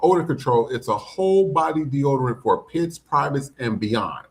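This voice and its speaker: A man's voice: medium pitch, lively intonation, normal speed. A man hosting a podcast, giving blunt, profane, emphatic commentary. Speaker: podcast host. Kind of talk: casual commentary.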